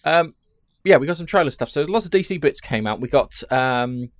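A man's voice: fairly high pitch, animated, normal speed, no echo. Joking, rambling male podcast host. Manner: jokey, rambling, swears casually. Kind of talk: casual chat.

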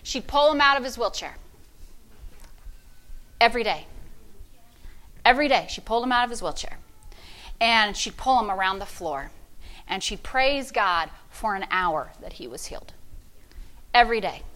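Lady pastor preaching hard, high bright voice, bursts into shouts of praise. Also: animated, normal speed, long pauses. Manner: fervent, call-and-response preaching with sudden loud shouts. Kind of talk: sermon.

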